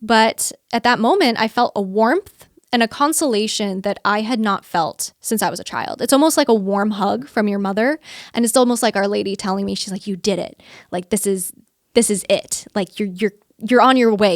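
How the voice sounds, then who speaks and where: In a studio-quality recording without echo, a young woman with a mid-range voice talks at normal speed. She's an interview guest sharing a personal story in an earnest, chatty manner, frequently laughing and repeating what she thought at the time.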